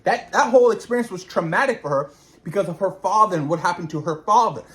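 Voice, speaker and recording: An animated man recaps a horror episode with slang and words repeated for emphasis. His pitch swings widely while he talks. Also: fast talker. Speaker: show reviewer. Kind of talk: reaction recap.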